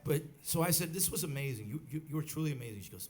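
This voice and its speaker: A middle-aged bandleader telling a rambling story on stage at a live club, with many restarts and acted quotes. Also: male voice, a little high, sing-song, quick pace, few pauses. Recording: live club recording with faint crowd noise.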